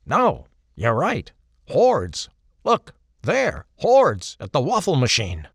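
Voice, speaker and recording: A man voicing a grumbling, deadpan middle-aged friend who loves a bargain, with a lively, swinging voice. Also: mid-range voice, slow, gravelly, breathy edge, no echo, studio quality, full character voice.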